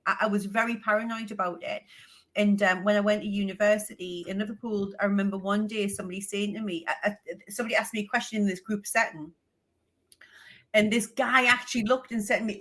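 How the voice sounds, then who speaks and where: A woman in her forties with a strong Geordie accent, a podcast guest telling candid, lively stories with the odd swear word. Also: medium pitch, a little fast. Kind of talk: casual interview chat.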